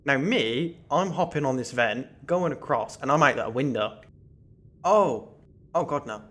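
A man streaming a horror game, excitable and panicky, yelping and laughing at what happens on screen. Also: medium pitch, unhurried. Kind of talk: live gameplay commentary. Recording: game music loud behind voice.

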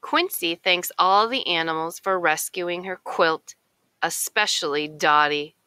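A woman reading a children's picture book aloud in a slow, expressive storytelling way. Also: fairly low pitch, clear, resonant tone, no echo. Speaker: narrator.

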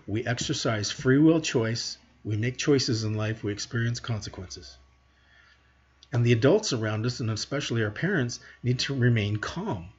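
A man's voice: mid-range voice, husky, muffled recording. A man teaching parents in a monologue, earnest and direct, asking rhetorical questions as he goes. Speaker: parenting educator.

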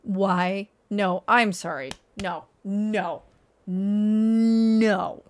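With a mid-range, fairly even voice, a woman streamer draws out her words while commenting live on house listings. Mock-outraged and exasperated, she swears, laughs often and reacts aloud with a stream of rhetorical questions.

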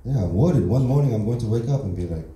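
A stand-up comedian playing a naive immigrant man who speaks broken English in deadpan one-liners. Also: mid-range voice, fast talker, close to an everyday voice. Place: comedy club stage. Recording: echoey room from far off.

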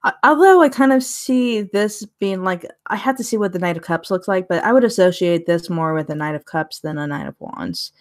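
A woman's voice: lowish voice, brisk, few pauses. A woman casually reviewing a tarot deck on a live stream, chatting and laughing often as she gushes over the cards.

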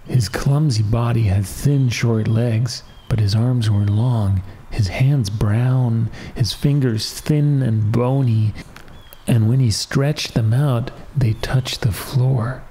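A man calmly reading a fairy tale as a soft-spoken bedtime story. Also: mid-range voice, slow, a little hiss or hum.

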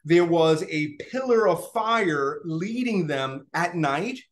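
A man teaching a Bible study in an animated way. He keeps checking in with his listeners and acts out what people would say. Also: fairly high pitch, slow pace. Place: online class, remote listeners.

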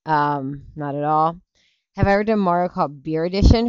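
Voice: mid-range voice, a little fast, clear, resonant tone, no echo. A worn-out parent chats loosely with a livestream audience, drifting from topic to topic and cutting off their own sentences. The sound is dry and a little dull, like lo-fi stream audio. Laughs come easily between the restarts. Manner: rambling, chatty, self-interrupting, laughs easily. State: tired, yawning. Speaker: livestream show host; parent of young kids. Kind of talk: casual livestream chat answering viewer comments.

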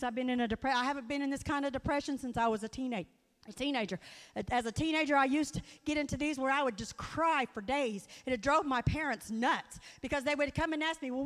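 A woman delivering a folksy, earnest sermon in church, telling stories and appealing directly to her listeners. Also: high-pitched. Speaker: guest speaker at church. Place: church sanctuary. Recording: long hall reverb.

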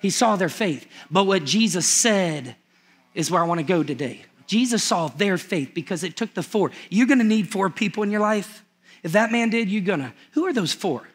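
Animated high-voiced male pastor. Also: moderate pace, husky. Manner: animated storytelling, acts out the characters with humor. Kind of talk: sermon. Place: church.

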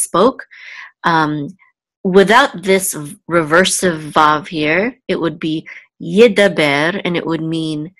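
A woman teaches biblical Hebrew step by step, sounding out each word slowly and often pausing to ask "okay?". Her voice sits a little low, and the recording is dry and close. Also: a bit bright, no room sound. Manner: patient, repeats words, checks in with "okay?". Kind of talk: slow step-by-step language lesson.

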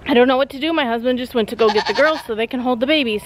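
A woman's voice: a little high, racing. A woman vlogger chatting casually and animatedly straight to her viewers on a small farm. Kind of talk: casual vlog chat to camera. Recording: noisy outdoor camera audio.

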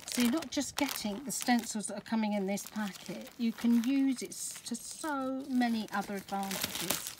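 A middle-aged Scottish woman chatting through an unboxing of craft supplies, gushing with excitement and dropping to soft whispers over favourite pieces. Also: fairly high pitch, normal speed, hardly any pauses. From Scotland. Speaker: craft vlogger. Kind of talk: product unboxing chat. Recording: background noise with crinkling packaging.

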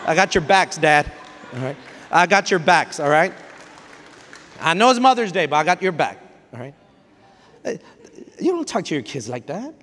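High-voiced preaching man, echoing church. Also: big pitch swings, normal speed, long pauses, fairly bright tone, a faint crowd. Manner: emphatic, repetitive preaching that mixes in Spanish phrases; direct, exhorting, with playful asides. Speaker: pastor. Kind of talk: sermon. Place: church sanctuary. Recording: long reverb of a church hall.

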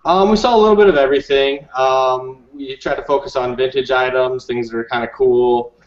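A man answers interview questions as a guest on a live stream, pausing often with ums and uhs. His voice comes over an online call from some distance off the mic, with a roomy echo and dull, muffled sound. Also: mid-range voice. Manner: hesitant, many ums and uhs.

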